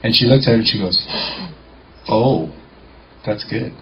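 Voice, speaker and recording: Man, confident storyteller, acts out dialogue, lowish voice, slight hiss. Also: a little slow, creaky. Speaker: speaker telling a courthouse story. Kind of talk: storytelling talk. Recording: muffled lo-fi recording.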